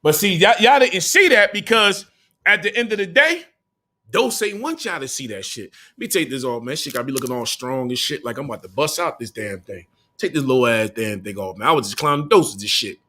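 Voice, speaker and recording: Bright-voiced slangy male streamer. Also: mid-range voice, animated, fairly quick. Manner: loose slangy banter, swearing, calling out to viewers. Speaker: livestream host. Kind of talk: casual livestream chat.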